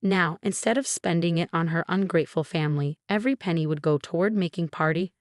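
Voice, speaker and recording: A young adult woman tells a first-person story in a calm, intense, scripted narration. Her voice sits low for a woman. The sound is dry and close, with no room around it. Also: fairly quick, no echo.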